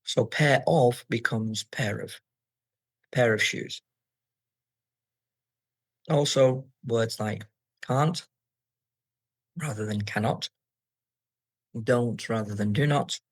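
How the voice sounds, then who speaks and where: Husky man teaching exam reading tips. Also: mid-range voice, dry recording, low-quality recording. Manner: clear, instructive, models intonation aloud. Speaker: English teacher.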